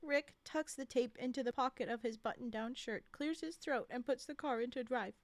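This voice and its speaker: A high-pitched woman reads a story aloud on stream, stopping often to react and argue with the characters in a chatty, animated way. Her voice is bright and high, and the recording sounds dry and close, with no room echo. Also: normal speed. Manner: chatty, reacts loudly and talks back to the characters. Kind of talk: reading a story aloud with live commentary.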